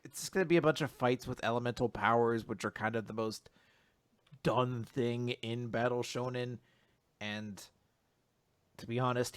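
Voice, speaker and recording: A man co-hosting a casual manga recap podcast, animated, laughing often and acting out characters' lines. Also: mid-range voice, clear, resonant tone, dry recording. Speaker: podcast co-host.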